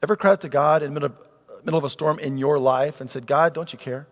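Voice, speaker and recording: A man preaching a sermon as pastor, animated and conversational, acting out pleas with a rising voice. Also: fast talker. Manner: animated, acts out quoted pleas with rising pitch. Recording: long reverb of a large hall.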